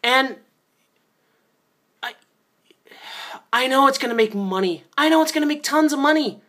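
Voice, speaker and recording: A young man at home, filmed on a handheld phone camera, ranting and swearing about a movie he hated, with yelled outbursts. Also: very high voice, lively intonation, moderate pace. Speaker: movie reviewer. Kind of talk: angry movie-review rant.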